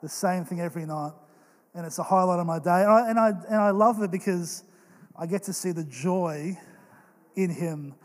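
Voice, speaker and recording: A young man delivers a sermon with earnest, animated storytelling. His voice sits high for a man. It rings out with a long reverb in a large church hall. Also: moderate pace. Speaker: pastor.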